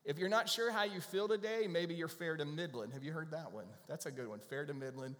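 A middle-aged man preaching in a relaxed, playful way, joking with the congregation. His voice sits a bit high for a man, and a long reverb from the church sanctuary trails every phrase. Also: a little fast. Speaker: pastor. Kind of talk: casual conversational sermon.

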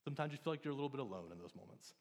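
A man's voice: medium pitch, lively intonation, rapid-fire, darkish tone. A man in his thirties, a pastor giving a conversational, earnest sermon in church. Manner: conversational, earnest, with frequent restarts and ums. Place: church sanctuary. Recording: long reverb of a church hall.

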